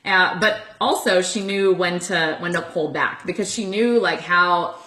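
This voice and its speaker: A young woman in her twenties hosts a casual chat, storytelling with animated energy and frequent filler words. Her voice is bright and forceful. The room around her rings with echo. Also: fairly low pitch, unhurried. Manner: animated, laughing storyteller with lots of "like". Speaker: host.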